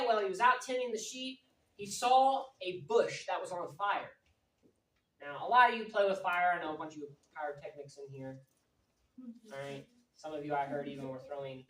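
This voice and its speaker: A woman preaching a lively, jokey, conversational sermon to young people in a meeting hall. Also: low voice. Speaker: youth pastor. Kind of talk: youth sermon. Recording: roomy echo from a distant mic, faint noise.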